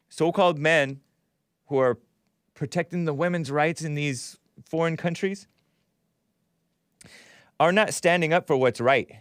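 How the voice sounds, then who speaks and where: A man's voice: mid-range voice, no room sound, studio quality. A man hosting a talk show, delivering a casual monologue in a sardonic, mocking tone and laughing at his own remarks.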